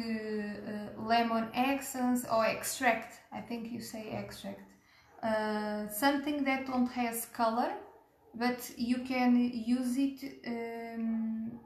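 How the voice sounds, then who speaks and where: A woman teaching a cake decorating tutorial step by step, gentle and unhurried, pausing with fillers and checking in with "okay?". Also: fairly high pitch. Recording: echoey room.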